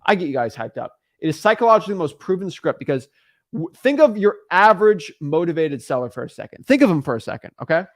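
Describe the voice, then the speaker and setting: A man's voice: on the high side, sing-song, fast talker. A man in his twenties teaching real estate wholesaling on a livestream, talking in a hyped-up, rambling way and correcting himself often.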